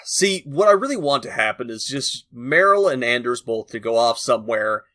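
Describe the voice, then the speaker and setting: A man's voice: mid-range voice, big pitch swings, normal speed, pushed and bright, dry recording, studio quality. A man co-hosting a casual podcast, rambling and joking as he talks. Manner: rambling and joking, laughs often. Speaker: podcast co-host.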